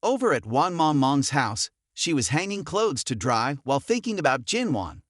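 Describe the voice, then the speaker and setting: A man narrating a comic recap in a brisk, animated storytelling manner. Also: fairly high pitch, no room sound, clean studio sound.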